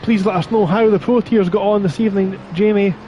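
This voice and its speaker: A man's voice: sits high, steady tone, a little fast, warm tone, dull audio, a little hiss or hum. A man doing live sim racing commentary, chatty and reading viewer chat between calls of the action. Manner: chatty, reads stream chat aloud between race calls.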